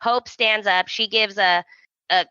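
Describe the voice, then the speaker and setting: A woman's voice: medium pitch, fairly even intonation, a little slow, sharp tone, clear, resonant tone, dry recording, dull audio. A woman hosting a podcast, chatting casually and acting out characters' lines as she recaps. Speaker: podcast host.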